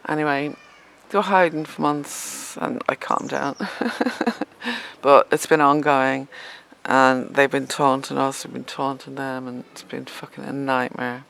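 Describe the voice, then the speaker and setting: Fifties woman, low and gravelly, blunt rambling storyteller who swears freely. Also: steady tone, a little slow, a bit bright. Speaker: vlogger.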